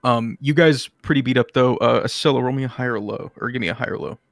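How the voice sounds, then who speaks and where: A man's voice: medium pitch, quick pace, creaky, no echo, studio quality. A man narrating as game master of a tabletop game, rambling with many fillers and restarts.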